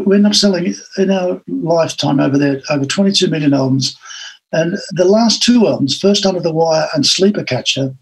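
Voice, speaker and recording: An older Australian man, a guest in an interview, telling long stories with lively acted-out quotes. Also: a little high, breathy edge, rough recording. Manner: animated anecdotal storytelling with acted-out quotes. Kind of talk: storytelling in an interview.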